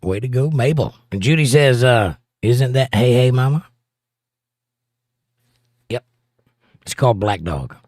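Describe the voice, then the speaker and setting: A man's voice: medium pitch, dry recording, studio quality. Wry middle-aged man reading chat. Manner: wry, joking asides between read-outs. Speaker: livestream host. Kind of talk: casual chat, reading viewer comments aloud.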